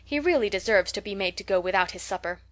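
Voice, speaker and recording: A fussy society matron who scolds and corrects in a prim, nagging way, read by a woman. Her pitch sits in an ordinary middle range, and she is an audiobook figure. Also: lively intonation, quick pace, natural voice. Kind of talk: audiobook character reading.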